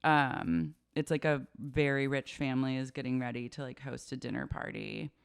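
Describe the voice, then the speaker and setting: Male podcast co-host with a higher, gravelly voice and a dry, close sound. Chatty, retells scenes in quoted voices. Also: normal speed, no echo. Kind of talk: casual chat recapping a reality show.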